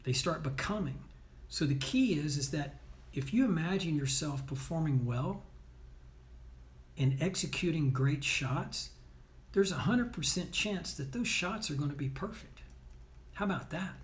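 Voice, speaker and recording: A male sports coach delivers a motivational talk in a fairly high voice. He is blunt and emphatic, scolds his listeners at times, and keeps punctuating his points with "right?" and "okay?". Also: lively intonation, a little slow.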